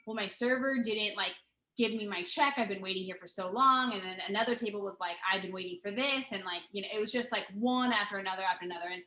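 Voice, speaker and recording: A woman's voice: mid-range voice, fast, bright, forceful tone. A woman telling a long story in casual chat, rambling and profane, with lots of fillers and restarts. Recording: roomy echo.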